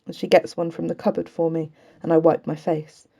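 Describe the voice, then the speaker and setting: A woman reading a novel aloud in an earnest, even first-person voice. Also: sits low, brisk, gravelly. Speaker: audiobook reader.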